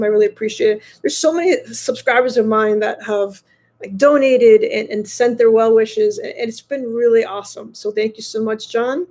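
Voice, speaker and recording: A woman in her fifties chatting casually to viewers from a hotel room, rambling and halting with many fillers and restarts. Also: fairly high pitch, a little mellow. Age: 50s. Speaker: motorcycle vlogger.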